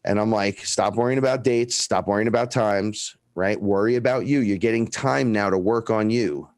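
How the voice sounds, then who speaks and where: A man's voice: on the low side, normal speed, no room sound, clean studio sound. A man telling stories in a casual, profane chat, acting out the dialogue. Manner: profane, animated, acts out dialogue in his stories. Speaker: guest.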